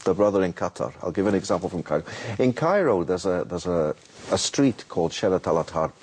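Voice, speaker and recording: A man explaining how to invite people to Islam, telling a lively story and acting out a street vendor's calls. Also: deep voice, brisk, slight background noise. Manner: animated, repeats words, acts out a street vendor's calls. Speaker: Muslim preacher guest.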